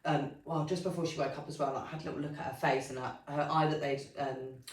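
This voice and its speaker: A young woman co-hosting a podcast tells a story in candid, casual chat packed with swearing and fillers. Her voice sits low with fairly even intonation, and she talks fast. The distant mic gives the recording a roomy sound.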